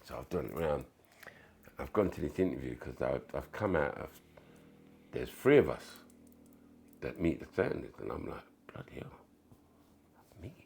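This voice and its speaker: A man's voice: extremely low pitch, lively intonation, moderate pace, gravelly, long pauses, a little mellow, breathy edge. A man, a podcast guest telling stories in casual chat, acting out the dialogue, swearing, and dropping to whispers. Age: 60s.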